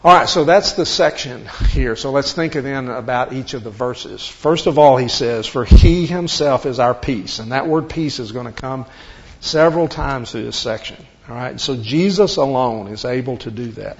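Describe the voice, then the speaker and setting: Bible teacher, male, gravelly and creaky, explains patiently, dull lo-fi recording. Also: medium pitch, normal speed. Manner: explains step by step, asks rhetorical questions.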